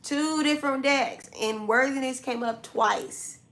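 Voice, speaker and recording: A woman tarot reader gives a zodiac reading to camera, addressing the listener directly in a blunt, scolding way with casual slang and repeated points. Her voice is high-pitched, unhurried and a bit bright.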